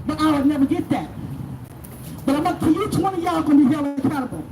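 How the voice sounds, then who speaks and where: Outside city hall, a grieving middle-aged mother addresses protesters in an angry, unfiltered speech. She has a high-pitched voice and a fast delivery, captured in a noisy, echoing recording from a distance.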